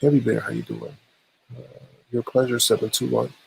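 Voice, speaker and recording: A man's voice: medium pitch, flat delivery, moderate pace, gravelly, darkish tone, slightly rough, poor audio. A man hosting a casual livestream, greeting viewers by name, his voice run through a voice modulator. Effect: voice modulator with a swooshing sound. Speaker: livestream host.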